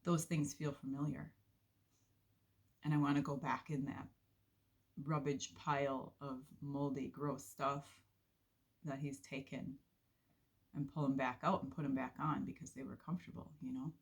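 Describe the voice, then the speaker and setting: A woman giving an earnest, unhurried devotional talk with soft laughs, sharing a faith testimony from her volunteer work. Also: very deep voice, level tone, creaky, breathy edge.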